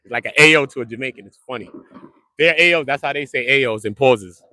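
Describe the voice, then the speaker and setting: A man's voice: medium pitch, fast talker, bright, forceful tone, dry recording, clean studio sound. A man, rambling casually to the camera in slang, joking and repeating himself.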